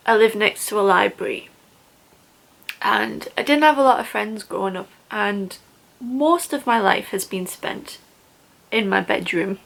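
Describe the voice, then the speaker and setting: A woman's voice: mid-range voice, unhurried, vocal fry. A young woman in a casual book haul vlog, talking in a gushing, enthusiastic way about gifts from friends. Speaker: book vlogger.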